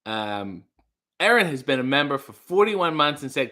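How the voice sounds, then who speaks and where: A man's voice: on the high side, sing-song, moderate pace, sharp tone. A man hosting a casual livestream, reading chat messages aloud, rambling and trailing off into mumbles. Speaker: livestream host.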